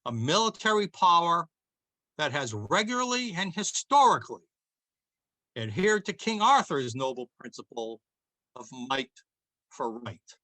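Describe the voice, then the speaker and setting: A man hosting a political talk show, delivering scripted commentary in a declamatory, emphatic way with dramatic slow pauses. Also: fairly high pitch, sing-song, bright, forceful tone, no room sound, poor audio.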